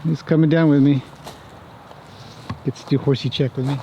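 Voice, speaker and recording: In this casual walk-and-talk vlog, a chatty horse trainer with a slightly raised pitch strolls around a rural farm, talking easily to the camera and fondly to the animals. His tone is steady and warm, at a normal speed. Faint outdoor noise sits behind him.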